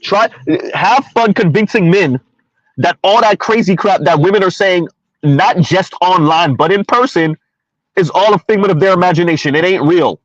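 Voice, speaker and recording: In his thirties, this commentary streamer delivers a sassy, preachy monologue aimed squarely at his audience. His voice sits high and moves at a normal speed. There's no echo, and the sound comes across dull and lo-fi.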